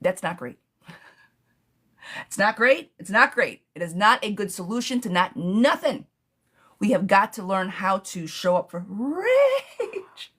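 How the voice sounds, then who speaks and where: A woman's voice: mid-range voice, husky. Chatty woman tarot reader live-streaming. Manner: affectionate, showers viewers with pet names; animated, talks fast in bursts, laughs often. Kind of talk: casual live-stream chat.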